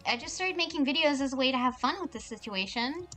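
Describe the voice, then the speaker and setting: A woman's voice: high voice, animated, fast talker, bright, forceful tone, faint music behind, pitched above the performer's own voice. A woman voicing a smug, playful young woman who turns into a cat and is an internet celebrity, speaking in a teasing, showy way. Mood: boastful.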